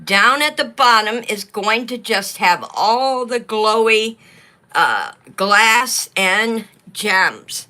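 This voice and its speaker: A woman's voice: on the high side, animated, slow pace, sharp tone. A woman chatting casually to livestream viewers while she works on beaded jewelry, with hiccups. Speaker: livestream crafter. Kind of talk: casual livestream craft talk.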